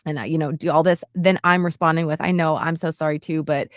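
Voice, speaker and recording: In a dry, studio-quality recording, a podcast co-host in her late thirties shares a personal story in a casual storytelling chat. Her voice sits low with a steady tone and a quick pace, and she speaks earnestly and from the heart, full of "like"s and restarts.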